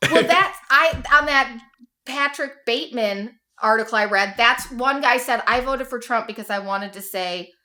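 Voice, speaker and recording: A middle-aged woman hosting a casual podcast chat, blunt and joking with quick reactions. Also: a little high, sharp tone. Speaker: podcast host.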